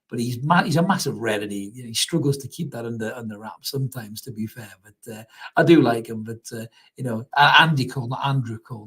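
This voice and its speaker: A man's voice: mid-range voice, husky. A young man hosts a live football reaction stream, chatting casually, laughing often and reading out viewer comments. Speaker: fan channel host.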